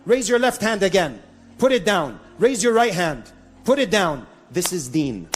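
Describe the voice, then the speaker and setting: A man preaching a lively live sermon to an audience, mixing Arabic phrases into English, in a venue with a sound system. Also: sits high, unhurried. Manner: animated, mixes in Arabic phrases.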